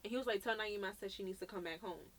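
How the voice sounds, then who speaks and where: A woman's voice: medium pitch, very fast. A woman from Brooklyn co-hosting a podcast, telling a story in casual chat, acting out the quotes and swearing freely. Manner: animated, acts out quoted dialogue, swears freely. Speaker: podcast co-host.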